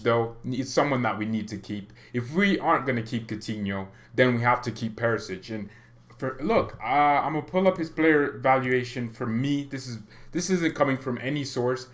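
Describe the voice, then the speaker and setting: A man's voice: medium pitch, a bit bright. Chatty, rambling male football vlogger. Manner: chatty, joking, rambling with self-interruptions. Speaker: football fan channel host. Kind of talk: casual vlog commentary.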